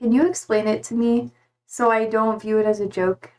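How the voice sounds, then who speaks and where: A woman's voice: on the high side, little pitch movement, normal speed, darkish tone. A young woman from Germany whose first language is German, chatting casually with her livestream viewers and reading their messages aloud.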